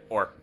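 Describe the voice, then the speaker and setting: A young man co-hosting a gaming show, teasing dryly and making crude jokes. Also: sharp tone. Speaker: co-host. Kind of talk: casual gaming banter.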